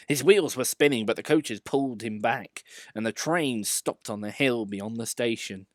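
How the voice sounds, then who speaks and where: A man reading a children's story aloud in an expressive, lively storytelling way. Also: mid-range voice, moderate pace, few pauses, dry recording, clean studio sound. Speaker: narrator.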